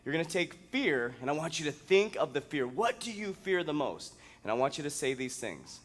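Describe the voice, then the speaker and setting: A fitness coach gives a motivational talk. He is a man with a fairly high voice, and he sounds emphatic and full of energy. He stretches words out playfully and sometimes bursts out loudly. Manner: energetic and emphatic, with sudden loud outbursts; drawn-out, playful stresses on single words.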